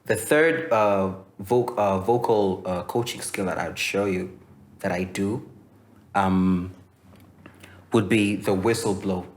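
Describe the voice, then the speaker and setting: A young man from Kenya teaching voice-over in a relaxed, explanatory way, with many fillers and restarts. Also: low voice, slow pace. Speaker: voice-over coach. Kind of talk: instructional masterclass.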